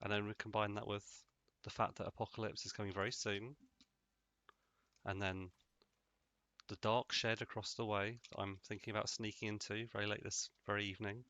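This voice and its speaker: Let's-play host, man, low voice with a bright edge, rambling and deadpan. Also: fairly quick, no room sound. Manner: rambling, jokey, deadpan asides. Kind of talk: casual gameplay commentary.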